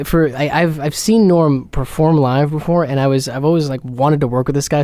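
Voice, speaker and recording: A man, a comedian guest on a radio show, joking deadpan with lots of fillers, sounding a little sick with a cold. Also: a little high, no echo, clean studio sound. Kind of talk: casual radio chat. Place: radio studio. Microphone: studio microphone.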